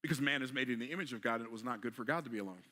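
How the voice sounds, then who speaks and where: A man delivers a motivational sermon in a bright, forward voice. He keeps putting rhetorical questions to his listeners and talks in plain, everyday speech. He drops to a hush, then builds up to a forceful climax. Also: mid-range voice, very fast. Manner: rhetorical questions, swings between quiet and emphatic; casual vernacular delivery. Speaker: preacher.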